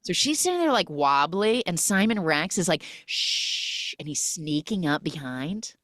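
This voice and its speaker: A woman telling a film's plot as casual podcast chatter, her lowish voice rising and falling widely as she acts out bits of dialogue. The sound is close and dry. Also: moderate pace, no room sound. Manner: animated storyteller acting out quotes. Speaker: podcast host. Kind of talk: casual film recap.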